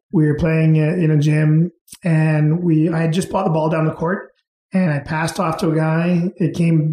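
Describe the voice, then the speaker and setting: A middle-aged man, an interview guest, telling anecdotes in an unhurried way and chuckling as he goes. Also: on the high side, a little mellow, echoey room. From Canada. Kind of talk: casual storytelling.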